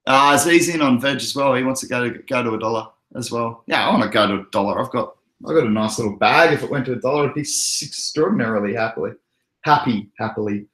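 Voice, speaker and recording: A man's voice: mid-range voice, fast talker, fairly bright tone. An Australian man hosting a casual livestream, rambling and joking with frequent chuckles. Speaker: crypto livestream host. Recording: roomy echoey room.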